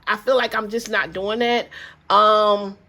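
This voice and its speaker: A woman's voice: mid-range voice, steady tone, a little slow, bright, forceful tone. Chatty grandmother vlogger, easygoing. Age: older. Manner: chatty, rambling, addresses viewers as y'all. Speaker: budgeting vlogger. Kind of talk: casual chat to viewers.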